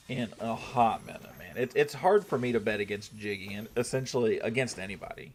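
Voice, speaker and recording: A man's voice: lowish voice, expressive, brisk, hardly any pauses, soft background music. A young man streaming a strategy game, thinking aloud to his chat and swearing when irritated. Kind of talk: casual gameplay commentary to chat.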